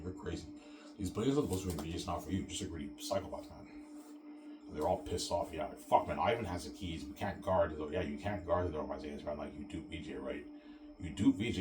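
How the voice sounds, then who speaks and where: A man's voice: rumbling low, recorded from a distance, background noise. A man delivering an angry, repetitive, profane monologue to his video audience, recorded away from the mic with music behind. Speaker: video ranter.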